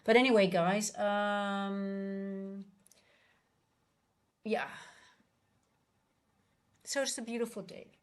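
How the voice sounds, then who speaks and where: A woman's voice: mid-range voice, steady tone, very slow, pauses often. A woman coaching traders on a casual livestream, talking earnestly and rambling with many restarts. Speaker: trading coach and livestream host.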